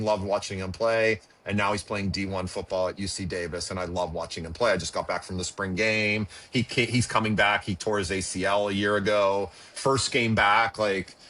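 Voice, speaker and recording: A middle-aged man telling a personal story as a podcast guest, halting and emotional with frequent restarts. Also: fairly low pitch, steady tone, a bit bright. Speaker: podcast guest, former pitcher and father.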